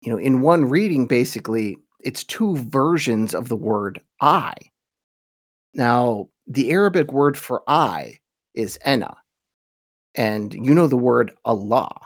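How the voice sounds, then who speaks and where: Male podcast host, mid pitch, measured teacher who lingers over quotations, dry close mic. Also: lively intonation, no echo. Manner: thoughtful, slows down to read quotations with weight. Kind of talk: informal lecture with read-aloud quotations.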